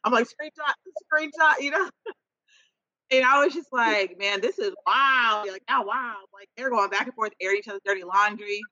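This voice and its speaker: Woman podcast co-host, bright and forceful, blunt animated storyteller, dry muffled sound. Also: medium pitch, fairly quick, few pauses, no echo. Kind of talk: casual chat.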